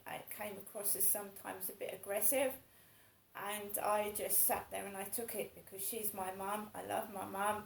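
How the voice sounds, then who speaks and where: A woman's voice: mid-range voice, gravelly, roomy sound, a little hiss or hum, rough recording. A woman in her fifties talking in a casual monologue, rambling and repeating herself in an aggrieved way. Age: 50s. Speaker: vlogger.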